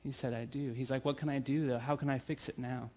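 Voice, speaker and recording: A church family ministry leader delivers a sermon in a mid-range voice, keeping a steady tone and talking fast. He tells personal stories earnestly, filling them with frequent "um"s, and the audio sounds tinny, like a phone.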